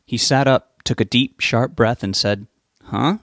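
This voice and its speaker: A man narrating a novel as an audiobook reader, giving the characters' lines small lifts in pitch. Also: fairly even intonation, normal speed, fairly bright tone, dry recording, studio quality.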